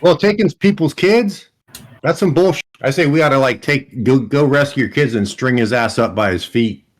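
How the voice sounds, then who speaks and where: A man's voice: medium pitch, normal speed, voice pushed up, natural voice. A man voicing an earnest adult male survivor in a tabletop game, making a blunt, persuasive plea for peace.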